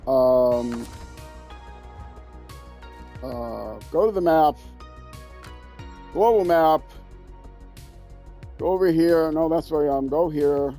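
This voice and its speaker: Streamer, male, Minnesota accent: gravelly, mellow play-by-play of his own game. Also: on the high side, slow pace, pauses often, faint music behind. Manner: talks to himself while playing, joking asides. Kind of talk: casual gameplay commentary.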